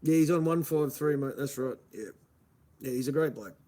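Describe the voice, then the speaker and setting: An Australian man chatting loosely on his livestream, rambling from one thing to the next. He answers viewers and calls them mate in a mid-pitched, everyday voice. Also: moderate pace, warm tone. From Melbourne, Australia. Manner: rambling, answers chat, says "mate" a lot. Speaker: live streamer. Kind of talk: casual livestream chat.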